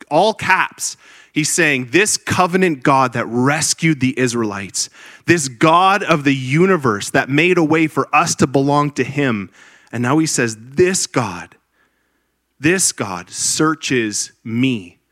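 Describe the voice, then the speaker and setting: A man's voice: a little high, animated, a little slow, a bit bright, no echo, clean studio sound. A man preaching a sermon to a congregation, earnest and explanatory, with emphatic bursts and light teasing of his listeners.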